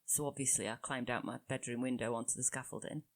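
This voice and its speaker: A woman's voice: very deep voice, fairly even intonation, fast talker. A young woman with a Geordie accent co-hosting a podcast, chatty and self-mocking, often laughing. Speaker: podcast co-host. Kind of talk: casual chat.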